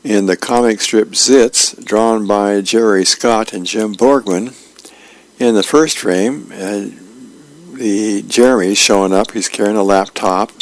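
A man with a low, gravelly voice reading newspaper comic strips aloud. His delivery is plain and unhurried, with the odd filler, and the sound is dry and close. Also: no echo.

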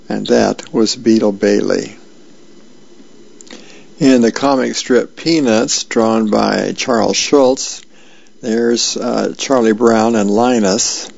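A man volunteer reader reading comic strips and birthdays aloud in a slow, unhurried way with small fillers and restarts. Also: mid-range voice, gravelly, darkish tone, no echo, lo-fi sound.

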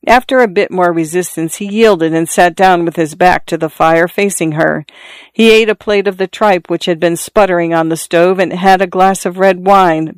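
A narrator reading a literary short story in a measured, even storytelling manner. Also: medium pitch, clean tone, no echo. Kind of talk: scripted audiobook narration.

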